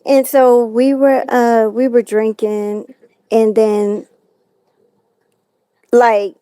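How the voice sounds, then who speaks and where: Woman guest telling a painful story, higher voice, dry close sound. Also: flat delivery, drawn-out words, dark tone, clean tone, dry recording. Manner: distressed storytelling, quoting others. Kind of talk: personal account on a talk show.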